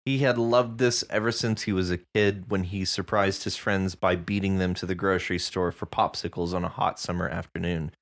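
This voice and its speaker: A woman's voice: a bass voice, a little fast, few pauses. A woman co-hosting a podcast, chatting casually and jokingly about a story, playing with words. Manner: animated, joking, playful with words. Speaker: podcast co-host.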